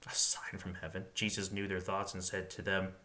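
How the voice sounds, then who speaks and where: Guy reading the bible out loud, kinda low voice, stops to think out loud and laughs to himself. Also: level tone, normal speed. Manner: musing, chuckles often, reads aloud then comments.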